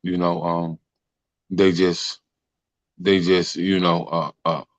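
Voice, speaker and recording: Deep-voiced talk show host, hesitant. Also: male voice, little pitch movement, slow, no room sound, highs cut off. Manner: hesitant, retells with "they was like". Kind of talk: casual conversation.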